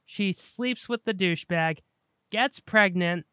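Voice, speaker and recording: A man co-hosting a casual chat about movies, eager and rambling, tripping over repeated words when excited. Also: high-pitched, slow pace, clean tone, no echo, studio quality. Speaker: podcast co-host.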